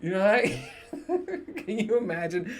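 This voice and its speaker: This man's voice sits high and moves at an unhurried pace. He's a thirtysomething podcast host doing a loose solo rant to camera, full of swearing, jokes and frequent laughter.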